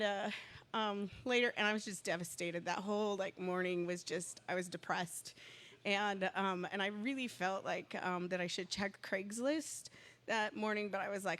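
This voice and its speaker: A woman in casual conversation who tells a story in long, rambling runs and talks herself into excitement. Her voice sits at an ordinary middle pitch for a woman. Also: normal speed. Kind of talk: casual chat.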